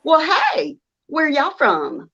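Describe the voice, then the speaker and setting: A woman's voice: high voice, big pitch swings, takes it slowly, vocal fry, dull audio, voice pushed up, exaggerated voice. A woman voicing a sassy Southern lady with an exaggerated Southern US drawl, sugary then cutting. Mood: friendly. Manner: sweet drawl turning sharp.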